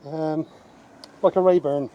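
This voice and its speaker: A man on a beach giving brief, low-key replies in casual chat while searching the shore. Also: fairly even intonation, takes it slowly, no echo, muffled recording. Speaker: mudlarking companion. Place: outdoors on a beach.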